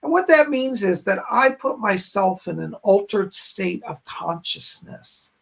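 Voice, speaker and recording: A man hosts a casual live stream, chatting and rambling as he greets viewers by name. His voice has a gravelly, creaky edge with a husky, slightly breathy grain. He talks loosely and warmly to the people watching. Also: sits high, expressive, unhurried. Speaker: psychic medium hosting a live stream.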